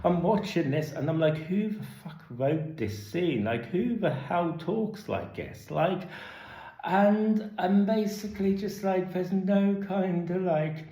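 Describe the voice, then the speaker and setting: A man's voice: sits high, expressive, slow, warm tone. A man giving a casual spoken film review, rambling with lots of fillers and restarts, and turning exasperated and sarcastic. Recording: echoey room.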